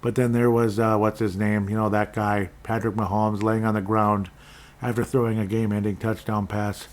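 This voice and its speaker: Man, low-pitched, from Minnesota, sports podcast host, rambling, sarcastic, casual. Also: flat delivery, moderate pace, a little hiss or hum. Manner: rambling, sarcastic, frequent restarts.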